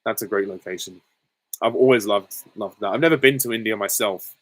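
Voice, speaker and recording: A man's voice: lowish voice, a little fast, poor audio. A man hosting a live stream, reading out viewer questions and answering them in a candid, chatty way.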